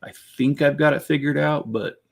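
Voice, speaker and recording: A man's voice: fairly high pitch, fairly even intonation, moderate pace, gravelly, a little hiss or hum. A middle-aged man hosting a casual building stream, rambling as he talks to viewers in the chat. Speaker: Lego building channel host.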